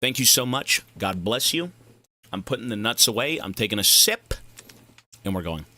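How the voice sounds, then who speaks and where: A man's voice: lowish voice, animated, normal speed, sharp tone. A young man streaming a game, chatting casually in long, profane, rambling tangents. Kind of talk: casual livestream chat.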